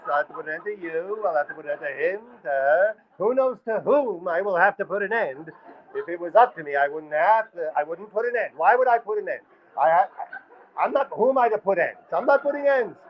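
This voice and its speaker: A man's voice: sits high, animated, a little fast, voice pushed up. A man voicing a rambling middle-aged mobster with a Sicilian accent, reluctant to do his job, in a muffled live stage recording. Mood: mock-menacing. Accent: Sicilian Italian. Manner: mock-threatening, rambling and self-justifying.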